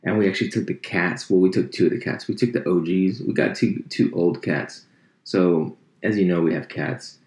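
A very deep, gravelly male voice rambles through casual, profane chat, poking fun at himself as he goes. He speaks into a desk mic in an echoey room. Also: moderate pace, darkish tone. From United States. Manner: rambling, profane, self-mocking. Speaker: podcast host.

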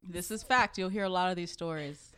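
Lower-voiced woman chatting frankly. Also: a bit bright, clean tone. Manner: frank, ranting, quick reactions. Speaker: podcast co-host. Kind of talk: casual chat.

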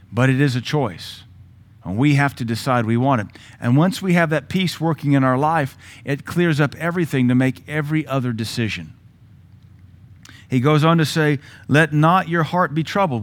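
A Southern American pastor preaching a sermon in a church. He drives his points home by repeating words, and his voice jumps up when he quotes someone. He talks at an ordinary pitch for a man. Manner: repetitive emphatic preaching, quotes with raised voice.

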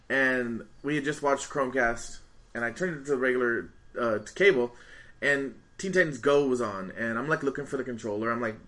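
A man's voice: medium pitch, a bit bright. A man hosting a casual podcast chat, moving the talk through news stories. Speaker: podcast host.

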